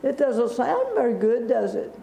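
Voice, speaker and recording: A woman's voice: fairly high pitch, sing-song, moderate pace, gravelly, dark tone, slight background noise. A woman teaching a Bible story to children in a church, chatty and asking them questions. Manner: conversational, asks the children questions. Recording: echoey church room.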